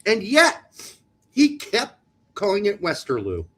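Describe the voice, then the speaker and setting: A man's voice: high-pitched, wildly swooping pitch, measured pace, a bit bright. A man co-hosting a soccer podcast in a casual, joking chat, teasing his co-host about pronunciations.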